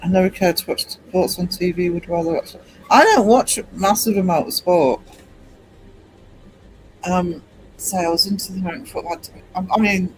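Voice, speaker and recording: An English man in his fifties hosting a casual late-night livestream, rambling and hesitant with many pauses. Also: high voice, slight background noise, poor audio. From England. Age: 50s. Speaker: livestream host.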